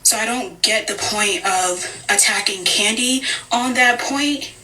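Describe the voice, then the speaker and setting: A woman's voice: mid-range voice, unhurried, pushed and bright. A woman on a live-stream panel who rambles, with lots of "like" and "um". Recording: distant from the mic.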